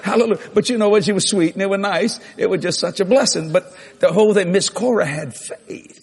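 A middle-aged man, preaching a sermon through lively, laughing anecdotes with sudden jumps in pitch. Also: a little fast, breathy edge. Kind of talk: storytelling sermon.

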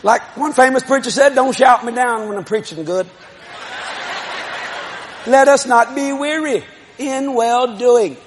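A man preaching a televised sermon to a congregation, shouting and telling stories. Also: very high-pitched, measured pace, pauses often. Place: church service before a congregation. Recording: live congregation with loud laughter and noise.

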